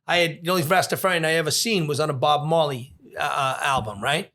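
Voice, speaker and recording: A man, a police commissioner telling a story as a podcast guest, animated and full of restarts. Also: on the high side, fast talker. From Long Island, New York. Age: 60s. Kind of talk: storytelling in an interview.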